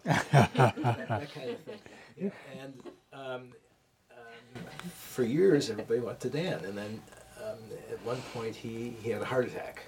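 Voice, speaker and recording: In a group discussion, an older man recalls a fond childhood memory as casual personal storytelling, hesitating with many fillers and restarts. His mid-range voice moves at a measured pace while a crowd murmurs behind him. The mic is distant, with faint room noise.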